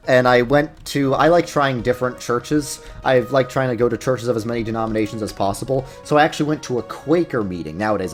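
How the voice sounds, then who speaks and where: A young man with a New York accent, hosting a casual video with rambling, self-deprecating commentary. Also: lowish voice. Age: young adult. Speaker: YouTuber host. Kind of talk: casual commentary over gameplay.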